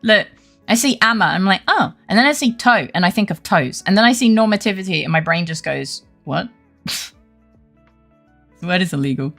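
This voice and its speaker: A woman's voice: medium pitch, lively intonation, brisk, vocal fry, fairly bright tone, faint music behind. A young adult woman streaming a game, chatting casually with her live chat; playful and giggly, and she swears freely.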